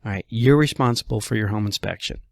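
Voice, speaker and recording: A man's voice: lowish voice, fast, vocal fry, no echo, clean studio sound. A man, a real estate broker, talking through the housing market in a casual, chatty way, full of rhetorical questions and frequent "all right"s.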